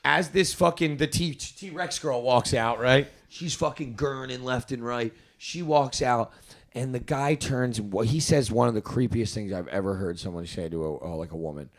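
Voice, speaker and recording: A man's voice: mid-range voice, moderate pace. A young man co-hosting a comedy podcast, telling a rambling, profane story and acting out the people in it. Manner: rambling, profane, acts out the people in his stories. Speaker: podcast co-host.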